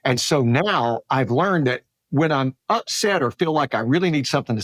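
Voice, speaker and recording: A man's voice: mid-range voice, expressive, moderate pace, a bit bright, no room sound, clean studio sound. A man hosting a podcast, sharing a personal story earnestly with frequent restarts. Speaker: podcast host. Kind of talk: casual interview chat.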